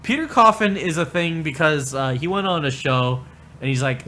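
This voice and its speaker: Casting: male streamer, bright tense tone, crude mocking ramble. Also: a little high, lively intonation, moderate pace, slight background noise. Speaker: livestreamer. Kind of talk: profane livestream rant.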